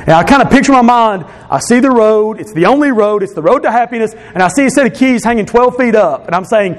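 A man's voice: high-pitched, expressive, fast talker, few pauses. A man telling his personal testimony in an earnest way, repeating phrases for emphasis. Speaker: speaker giving a testimony.

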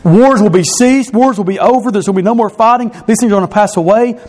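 A man preaching a sermon, explaining scripture verse by verse and repeating key phrases, slowing and dropping his voice for emphasis. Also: high voice, darkish tone. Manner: slows and drops his voice for emphasis.

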